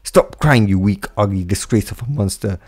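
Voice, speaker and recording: Kushina, a man playing a cruel, shouting mother. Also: fairly low pitch, normal speed, breathy edge. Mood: scornful. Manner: yelling insults. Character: cruel scornful mother, harsh and commanding.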